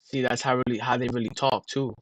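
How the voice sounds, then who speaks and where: A man's voice: medium pitch, steady tone, fairly quick, low-quality recording. Rambling man sounding out words. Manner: talks to his chat, emphatic and incredulous. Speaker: livestreamer. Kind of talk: casual livestream chat.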